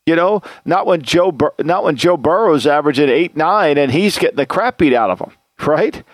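Man podcast host, blunt and opinionated, slightly high pitch, dry recording. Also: expressive, moderate pace, dry recording. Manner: blunt, opinionated, frequent restarts. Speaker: podcast host, football analyst. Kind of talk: casual sports talk.

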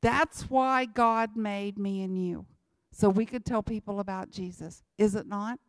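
A woman's voice: mid-range voice, steady tone, measured pace, no echo, clean studio sound. A woman, giving an emphatic church talk about mission work and repeating her key lines. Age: 60s. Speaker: missionary speaker.

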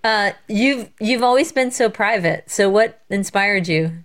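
A woman's voice: mid-range voice, measured pace. A woman co-hosting a podcast, playful and teasing in casual chat. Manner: playful, laughs often, teasing. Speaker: podcast co-host.

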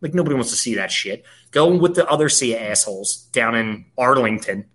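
A man rants in casual sports chat, swearing freely and hammering his points. His voice is bright and forceful. His pitch swings widely. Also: animated, brisk. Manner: profane, ranting, emphatic. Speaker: podcast co-host.

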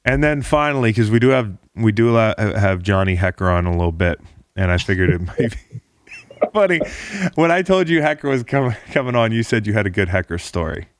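A man's voice: lowish voice, lively intonation, a little fast, a little hiss or hum. A man, a former football player, hosting a casual podcast chat, joking and teasing his guest with lots of restarts.

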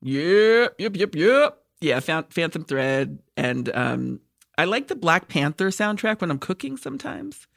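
Gravelly woman podcast co-host. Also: low voice, expressive, a bit bright, no echo, studio quality. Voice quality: gravelly, fast tangents, frequent swearing. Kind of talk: casual chat.

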